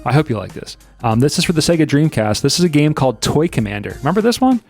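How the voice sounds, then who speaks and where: A man's voice: a little high, very animated, fast, creaky, a little mellow, soft background music. A man hosting a podcast in casual chat, rambling with many restarts and frequent laughs. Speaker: podcast host.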